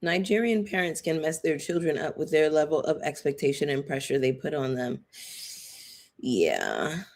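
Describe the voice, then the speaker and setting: A woman hosting a casual live-chat commentary stream, chatting loosely with frequent fillers, shout-outs and asides to viewers. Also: low-pitched, big pitch swings, normal speed. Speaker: YouTube commentary host.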